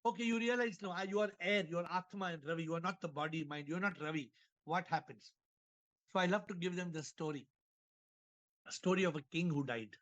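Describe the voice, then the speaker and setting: This spiritual teacher speaks a little fast in a high-sitting male voice during a video-call talk. Animated and storytelling, he shares parables full of repeated words and chuckles.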